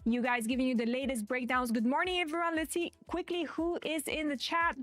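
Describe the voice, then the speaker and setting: A woman's voice: high-pitched, fairly even intonation, quick pace, fairly bright tone, no echo, soft background music. A woman hosting a market livestream in a chatty way, often saying "you guys" and "right?", a little out of breath. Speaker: trading livestream host.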